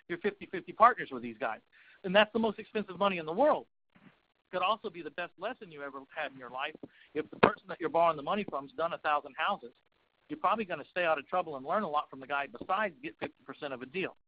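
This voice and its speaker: A man with a high voice tells folksy stories as a guest on a webinar about investing. His audio is dry and dull, with the lo-fi sound of an online call. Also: no echo. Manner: folksy, animated storytelling. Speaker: real estate investing coach, guest. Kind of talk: webinar talk.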